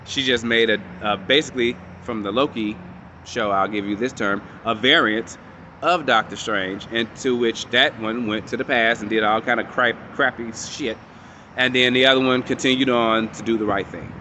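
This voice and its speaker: Bright-voiced man animatedly recapping a show. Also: mid-range voice, moderate pace, a little hiss or hum. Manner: animated storytelling, acts out quotes, swears casually. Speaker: show reviewer. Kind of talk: casual recap and commentary.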